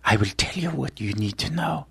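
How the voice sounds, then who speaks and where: A man's voice: mid-range voice, animated, normal speed, gravelly, sharp tone, husky, no room sound, pitched above the performer's own voice, exaggerated voice. A man voicing a stammering elderly curator. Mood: fearful. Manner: breathless, stammering whisper. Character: terrified elderly male museum curator.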